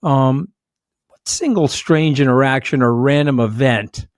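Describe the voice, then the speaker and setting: A man's voice: medium pitch, a little slow, no room sound, studio quality. Casual man hosting an interview podcast. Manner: casual, restarts, blunt asides. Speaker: podcast host. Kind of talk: interview conversation.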